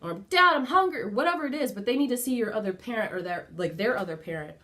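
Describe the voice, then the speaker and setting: Chatty mom giving candid advice. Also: female voice, mid-range voice, expressive, fast talker. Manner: chatty and candid, casual swearing, many fillers like "like". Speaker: mother sharing parenting advice. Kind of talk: casual motivational talk to camera. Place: at home indoors.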